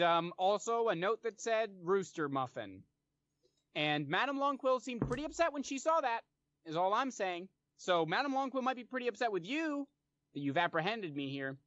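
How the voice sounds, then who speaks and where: A man's voice: high-pitched, a bit bright, no echo. Hesitant male player, dull dry sound. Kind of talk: playing a tabletop game in character.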